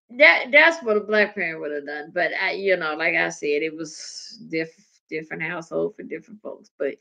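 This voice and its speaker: A woman chats and tells stories, acting out the people she quotes with big swings in pitch. Her voice is bright with a gravelly edge, and the recording sounds dull and lo-fi. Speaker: podcast co-host. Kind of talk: casual comedic chat. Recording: dull lo-fi podcast audio.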